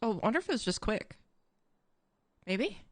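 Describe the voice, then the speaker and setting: Woman, high animated voice, incredulous, laughing often, game roleplay. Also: moderate pace, no room sound. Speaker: roleplay streamer playing a medic. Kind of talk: in-character game roleplay chat.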